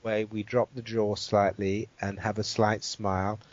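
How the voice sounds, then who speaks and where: A man who is a guest expert, calmly walking through a guided exercise and checking in with the listener as he explains. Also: lowish voice. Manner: measured and explanatory, checks in with "right?". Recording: dull, dry interview audio.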